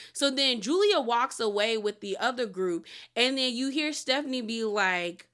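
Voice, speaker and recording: A woman giving a casual, opinionated recap of a reality TV episode, full of slang and quick quoted lines. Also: fairly high pitch, expressive, bright, forceful tone.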